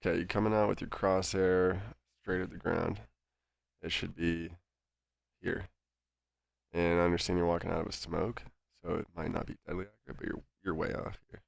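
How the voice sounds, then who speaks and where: Deep-voiced male coach with a gravelly, congested sound, dry close mic, talking through gameplay. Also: normal speed, no echo. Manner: calm, instructive, with many fillers. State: stuffy nose. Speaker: game coach. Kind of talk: coaching review commentary.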